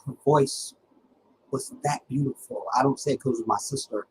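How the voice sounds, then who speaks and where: Animated middle-aged man telling stories. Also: mid-range voice, a little hiss or hum, low-quality recording. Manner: animated and dramatic, with halting restarts. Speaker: livestream host. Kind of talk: casual personal storytelling.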